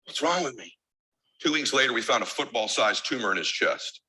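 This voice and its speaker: A man's voice: medium pitch, expressive, a little fast, sharp tone, low-quality recording. A man giving an emotional keynote speech as a motivational speaker, emphatic and driven by insistent repetition.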